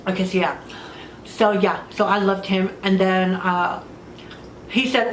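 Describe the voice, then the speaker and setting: Crude, animated woman telling stories. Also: mid-range voice, measured pace, long pauses. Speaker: podcast host. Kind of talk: candid casual storytelling. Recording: roomy room with faint noise.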